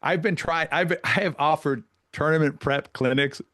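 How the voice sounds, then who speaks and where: A man, a pickleball coach, telling stories in a casual podcast chat, animated and full of restarts. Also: a little high, dry recording, clean studio sound. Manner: fast, animated storytelling with many restarts.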